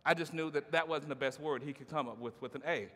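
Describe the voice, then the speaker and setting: A middle-aged keynote speaker talks fast in a voice on the high side, a bit bright, his motivational speech echoing with long hall reverb in a large conference room. He works a rhythmic, call-and-response style peppered with playful asides.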